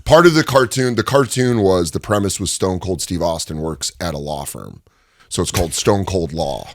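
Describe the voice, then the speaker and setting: A man's voice: low-pitched, normal speed, dry recording, clean studio sound. A man who is a stand-up comedian, telling stories in a casual interview with lots of laughter and energy. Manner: animated, laughing storyteller. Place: recording studio.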